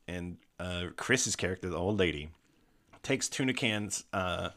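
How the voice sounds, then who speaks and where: A man hosting a casual podcast chat, retelling a tabletop game story in an animated way, swearing freely. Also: low-pitched, unhurried. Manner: animated, swearing, breaks into laughter.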